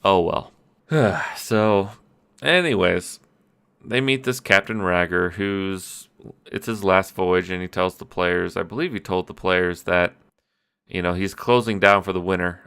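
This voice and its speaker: A man's voice: deep voice, creaky, a bit bright, clean tone. A man casually recapping his tabletop game session as game master, rambling and self-deprecating. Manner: rambling, self-deprecating, with restarts and quick quoted voices. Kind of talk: casual solo recap podcast. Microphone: audio-only podcast mic.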